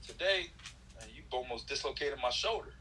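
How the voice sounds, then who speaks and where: Bright, animated storytelling man. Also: mid-range voice, a little fast, a little hiss or hum, poor audio. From Los Angeles. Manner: acts out quotes of others, laughs often. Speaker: guest, former football player.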